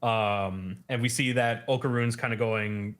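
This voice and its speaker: A man's voice: mid-range voice, fairly even intonation, a little slow. A man hosting a podcast, casually recapping a story chapter and laughing often. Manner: laughs often, loose with fillers. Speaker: podcast host.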